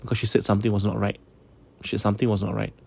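Low-voiced man telling a ghost story. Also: level tone, very fast, creaky, dark tone, breathy edge. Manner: conversational, mixes English with Malay, checks in with listeners. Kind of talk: casual spoken ghost story.

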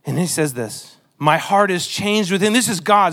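A man's voice: high-pitched, lively intonation, moderate pace, hardly any pauses, a bit bright. A man preaching a sermon, earnest and emotional, reading scripture with a pleading, dramatic delivery. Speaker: pastor.

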